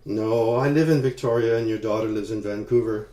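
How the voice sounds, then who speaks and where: Polite, eager older man in his sixties, read by the narrator, audiobook, mellow, roomy echo. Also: fairly low pitch, fairly quick, close to an everyday voice. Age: 60s. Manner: polite, plain-spoken. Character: curious older male traveler, polite and eager.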